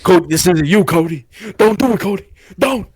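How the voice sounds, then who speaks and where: A man doing a quick impression of a veteran male wrestler talking urgently to a fellow wrestler. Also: a bit bright, natural voice. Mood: pleading. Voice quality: strained, high and urgent. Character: earnest veteran male wrestler, pleading then pumped.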